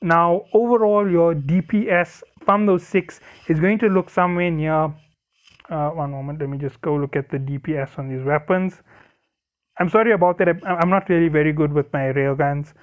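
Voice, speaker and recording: A man's voice: a little high, steady tone, moderate pace, phone-quality sound. A man walking through a game ship build in a casual, explanatory way, often correcting himself and apologizing along the way. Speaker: game guide creator.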